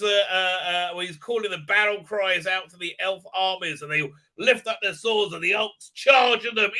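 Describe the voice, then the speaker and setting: A man's voice: sits high, sharp tone, low-quality recording. A man hosting a livestream, ranting crudely and profanely, rambling with constant filler sounds. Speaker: channel host. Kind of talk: livestream commentary rant.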